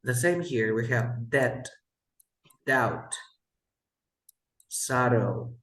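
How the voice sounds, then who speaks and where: Slow, patient male English tutor. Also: mid-range voice, lively intonation, a bit bright. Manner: patient, repeats words slowly for the student. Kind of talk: online one-on-one English lesson. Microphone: video call. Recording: roomy echo.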